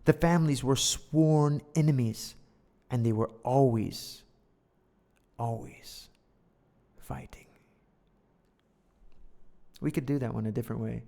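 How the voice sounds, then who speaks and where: Man, English teacher, storybook lesson, playful asides, gravelly voice, long hall reverb. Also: medium pitch, fairly even intonation, normal speed, mellow.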